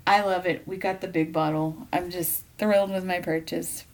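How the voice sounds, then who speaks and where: A woman's voice: lowish voice, steady tone, normal speed. Chatty woman co-hosting a podcast. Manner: chatty, rambling, trails off and restarts. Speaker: podcast co-host. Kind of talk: casual chat.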